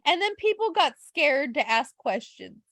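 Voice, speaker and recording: A woman co-hosting a casual podcast who swears freely and retells events with quick quoted asides. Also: sits high, very animated, a bit bright, no room sound. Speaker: podcast co-host. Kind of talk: casual chat.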